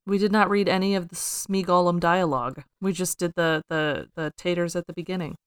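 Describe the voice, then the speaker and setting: A woman's voice: fairly low pitch, steady tone, brisk, smooth. A woman co-hosting a podcast in casual chat, dropping wry, teasing asides. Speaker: podcast co-host.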